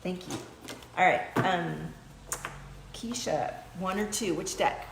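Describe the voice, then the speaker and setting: A woman's voice: fairly low pitch, slow, gravelly, heavy background noise. Chatty woman livestreaming from an echoey room. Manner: loose and chatty, breaks into light-language chanting and humming. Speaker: livestream host reading oracle cards. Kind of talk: casual spiritual livestream chat. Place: small home studio.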